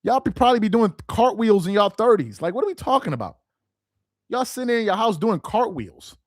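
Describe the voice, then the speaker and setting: Worked-up guy going off about basketball fans, high voice jumping all over, dead dry room, aave slang. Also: big pitch swings, brisk, no room sound. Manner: heated, mocking, repetitive rhetorical questions. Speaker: sports commentary host. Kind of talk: casual ranting commentary.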